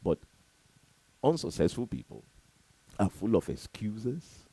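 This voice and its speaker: A man giving an emphatic, preachy motivational talk to camera, repeating his points and swinging between loud and soft. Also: fairly low pitch, very animated, slow pace, husky, no echo, low-quality recording. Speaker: motivational speaker.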